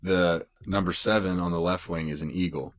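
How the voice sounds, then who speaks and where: Male podcast co-host, deep voice, rambling casual sports talk. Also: steady tone, normal speed. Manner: rambling, lots of "like" and restarts.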